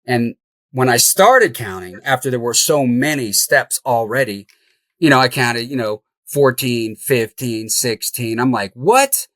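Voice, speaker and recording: Middle-aged man telling a lively story. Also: medium pitch, a little slow, no room sound. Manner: animated, laughs through the tale. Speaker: podcast guest, house flipper. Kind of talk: storytelling in an interview.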